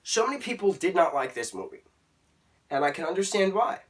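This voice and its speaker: A man's voice: high-pitched, big pitch swings, fairly quick, recorded from a distance. A young man telling an exasperated story as a movie reviewer in a ranting vlog.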